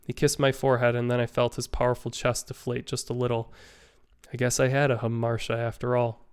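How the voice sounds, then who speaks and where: A man's voice: mid-range voice, little pitch movement, fairly quick, clean tone. Man reading a novel aloud. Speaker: teacher reading to students. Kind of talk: audiobook narration.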